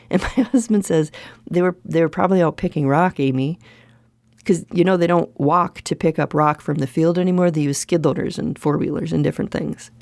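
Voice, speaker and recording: A middle-aged woman talks alone on her podcast, frank and emphatic, repeating her points for weight. Her voice sits a little low and sounds mellow and relaxed. The sound is dry and close, with no room behind it. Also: vocal fry, no echo. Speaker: podcast host. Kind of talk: solo podcast monologue.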